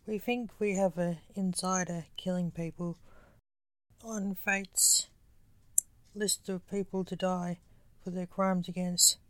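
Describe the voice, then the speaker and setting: A woman's voice: lowish voice, fairly even intonation, takes it slowly, long pauses, no echo. A woman reading the lines of a worried, snappish male emperor and father in a storybook. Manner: anxious, snappish.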